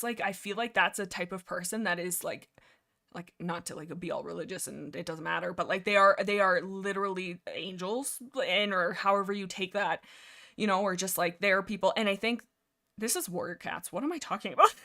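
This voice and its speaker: A woman's voice: medium pitch, a bit bright. Young adult woman, streamer host, casual chat, rambling, distractible, talks to chat. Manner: rambling, easily distracted, reads chat aloud. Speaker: livestream host.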